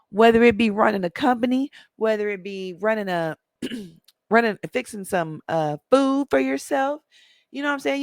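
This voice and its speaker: A woman's voice: a little high, vocal fry, no room sound. A middle-aged woman talking casually to her viewers, chatty, emphatic and a little preachy. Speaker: parenting vlogger. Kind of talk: casual monologue to camera.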